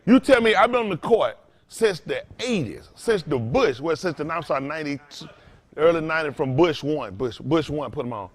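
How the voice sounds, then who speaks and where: Preaching man, emphatic and loud. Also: fairly high pitch, lively intonation, moderate pace. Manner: loose, emphatic, rising to loud bursts. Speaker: pastor. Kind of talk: preaching to a congregation.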